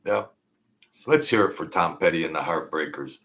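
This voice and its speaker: A middle-aged livestream host chats from home late at night in a low, gravelly voice that's fairly bright, with lively intonation at a normal speed. He's jokey and rambling, reminiscing as he goes and using many fillers.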